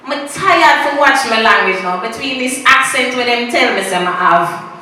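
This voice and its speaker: A woman with a Jamaican Patois accent performs spoken-word poetry at an open mic, theatrical and swinging between loud bursts and hushed asides, slowing right down to stress her lines. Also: on the high side, lively intonation. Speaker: performance poet. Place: open-mic stage in an echoing room. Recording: very echoey room, distant mic, faint noise.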